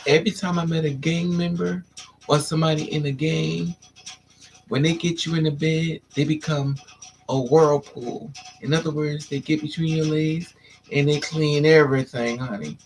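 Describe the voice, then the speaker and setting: Speaking at a normal speed with slight background noise, a woman hosts a candid livestream monologue that's sassy and blunt. She peppers her stories with "honey" and "child," and her animated telling features dramatic high-pitched voices she puts on for others.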